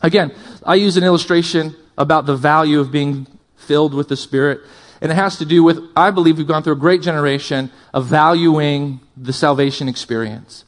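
A man preaches with passion, his fairly high voice climbing louder through emphatic build-ups. He drops into quieter asides and jokes with the congregation between points. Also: fairly even intonation, brisk, few pauses. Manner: impassioned, swings from loud emphatic build-ups to low asides. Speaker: pastor. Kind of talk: sermon.

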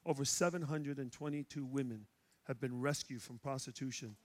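A male pastor from Chicago with a Chicago accent, preaching and telling stories, going from loud shouts to hushed quiet. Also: mid-range voice, fairly quick, background noise. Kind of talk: sermon. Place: church sanctuary.

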